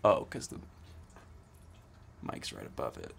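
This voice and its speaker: A man's voice: a little slow, fairly bright tone, slight background noise. A man in his twenties vlogging casually, rambling eagerly with lots of fillers and restarts. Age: 20s. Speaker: student vlogger. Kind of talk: casual vlog.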